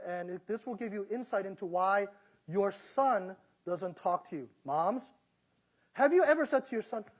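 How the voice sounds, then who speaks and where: Male pastor preaching, kinda high voice, animated, acts out little quotes. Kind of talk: sermon.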